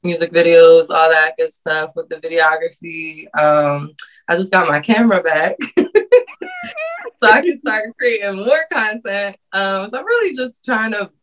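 A woman guest chats casually on a podcast, earnest and heartfelt, with laughter breaking in often. Her voice sits in a middle pitch, neither high nor low. She sounds open and sincere. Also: fairly bright tone, poor audio. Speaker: podcast guest, content creator.

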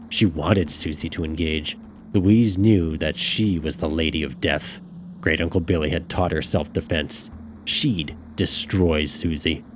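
A man narrating a dark novel in a measured storytelling manner. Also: low-pitched, a little hiss or hum. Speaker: audiobook narrator. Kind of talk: scripted narration.

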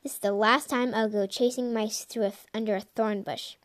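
A woman's voice: on the high side, fairly even intonation, fairly quick, lightly acted. A woman doing an irritated she-cat warrior. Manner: irritable, short.

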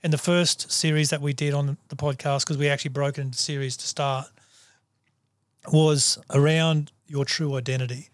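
A man hosting a podcast, calmly affirming his guest and asking questions. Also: on the high side, normal speed, dry recording, clean studio sound. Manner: affirming, relaxed listener. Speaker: podcast host. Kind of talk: casual podcast interview.

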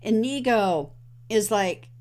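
A woman co-hosting a casual podcast, bouncing through a movie plot with animated voices for each character. Her pitch sits in an ordinary middle range and she talks in excited bursts. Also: takes it slowly. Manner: animated retelling, acting out movie lines. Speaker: podcast host. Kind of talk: casual film recap chat.

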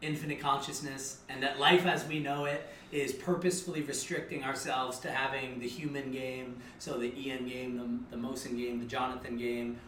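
A man's voice: mid-range voice, flat delivery, moderate pace, few pauses, a bit bright, slight background noise. A young man co-hosting a casual podcast chat, explaining ideas at length with frequent restarts. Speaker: podcast co-host. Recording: roomy, distant mic.

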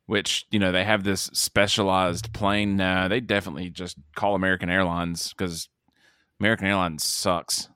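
Male co-host, lowish voice, deadpan jokes and asides, dry close mic. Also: moderate pace, clear, resonant tone, no room sound. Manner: jokey, rambling asides. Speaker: podcast co-host. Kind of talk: casual movie podcast chat.

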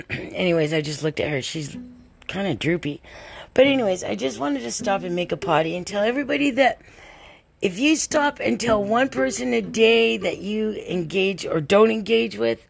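A woman's voice: medium pitch, expressive, moderate pace, creaky. An older woman hosting a casual podcast monologue, telling a rambling, chatty story while tired and worn out. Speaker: podcast host.

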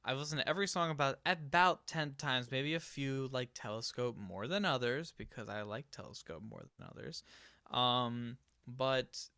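A man's voice: mid-range voice, sharp tone, smooth, dry recording, studio quality. A man co-hosting a music podcast, chatting casually, blunt and opinionated, often trailing off into hedges. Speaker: podcast co-host. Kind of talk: casual chat about music.

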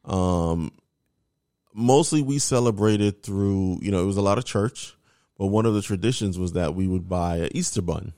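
A man's voice: low-pitched, moderate pace, mellow, no echo, studio quality. A man from Jamaica with a Jamaican accent, teasing his partner in a casual chat and slipping into patois. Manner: teasing, playful, slips into patois.

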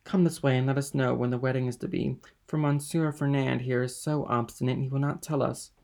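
A man's voice: mid-range voice, steady tone, brisk, gravelly, darkish tone, natural voice. A man voicing a drunken, envious sailor who talks with boisterous, slurring tavern bluster. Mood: rowdy, drunk. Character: drunken envious middle-aged male sailor.

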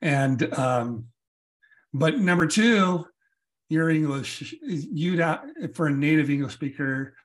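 A man's voice: on the high side, slow pace. An American man hosting an interview podcast, affable, often agreeing and laughing. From United States. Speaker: podcast host. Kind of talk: casual interview chat.

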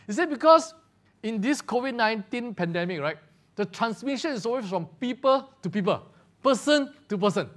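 A man's voice: sits high, lively intonation, brisk, a bit bright. A man preaching a sermon, often restarting words and asking rhetorical questions. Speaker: pastor.

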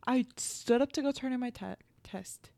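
A woman's voice: on the high side, normal speed, creaky, warm tone, no echo. Young woman cohost just chatting, tells stories, swears a bit, dry mic. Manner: storytelling, swears casually, drops into Spanish. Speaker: podcast co-host. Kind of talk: casual chat.

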